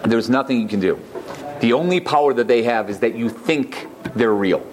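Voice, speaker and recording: A firm old rebbe, played by a male storyteller, warns and instructs with steady authority. He talks in a folk tale told aloud. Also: mid-range voice, normal speed, slight background noise, close to an everyday voice. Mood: stern. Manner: firm, admonishing.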